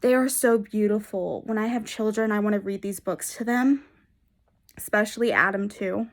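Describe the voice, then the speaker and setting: A woman's voice: mid-range voice, steady tone, moderate pace. A young adult woman chatting casually in a reading vlog, gushing and enthusiastic, rambling with frequent restarts. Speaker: book vlogger.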